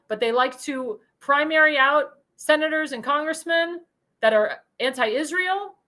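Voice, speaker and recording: A woman's voice: high voice, pushed and bright. A woman hosting a political commentary show, speaking in an indignant, emphatic way and repeating phrases for emphasis. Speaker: host.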